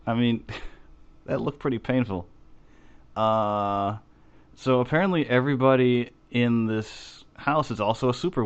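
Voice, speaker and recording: A man co-hosting a casual chat with a low, smooth voice. He rambles on, swearing freely through an animated retelling. The recording is dull and lo-fi. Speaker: podcast co-host.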